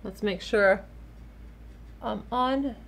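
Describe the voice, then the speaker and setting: A woman's voice: mid-range voice, drawn-out words, vocal fry. A woman who works as a makeup artist, talking casually and enthusiastically while showing a beauty product, often repeating words as she works. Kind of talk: casual product demo tutorial. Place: home studio.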